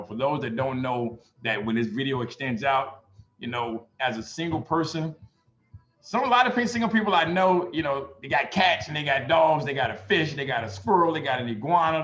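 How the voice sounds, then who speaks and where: A man's voice: mid-range voice, a bit bright, reverberant, lo-fi sound. A middle-aged man from the US Midwest, an instructor telling personal stories in a loose, profane, casual way. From Gary, Indiana, US Midwest. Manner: loose, profane, storytelling with quoted voices.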